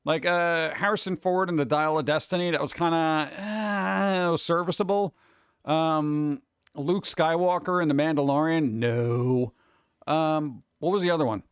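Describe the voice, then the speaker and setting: Hosting a casual live stream, a cartoon creator talks with his chat audience in a slightly high, unhurried male voice with a clean tone. He rambles and jokes, bouncing from one topic to another. The studio sound is clean and free of echo.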